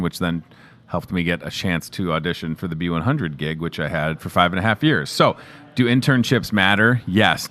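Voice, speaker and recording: A man's voice: low voice, fairly bright tone. A man in his thirties hosting a local morning show, chatting casually and joking with the crew while showing products. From Chicago area. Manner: chatty, upbeat and joking, talking to the camera and crew. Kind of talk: casual live show chat promoting store products.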